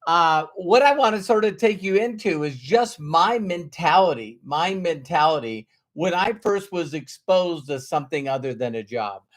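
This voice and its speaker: A man's voice: a little high, lively intonation, moderate pace, hardly any pauses. A man from North Dakota hosting a live stream as a motivational speaker, greeting viewers by name and repeating his key lines in an earnest, emotional way. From North Dakota, USA. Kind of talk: casual live-stream talk.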